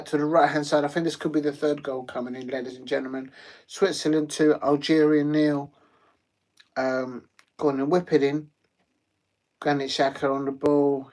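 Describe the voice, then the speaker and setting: Brief: male streamer, chatty watch-along commentary, loose and rambling, average pitch. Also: a little mellow. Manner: chatty, rambling, many ums and uhs. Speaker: live stream host. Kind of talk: casual live football watch-along commentary.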